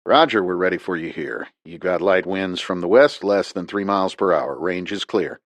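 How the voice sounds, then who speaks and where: Narrator playing a blunt rancher in his 60s: low, gruff, dry-humored. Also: normal speed, dry recording. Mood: clipped. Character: gruff older male rancher, blunt and wry.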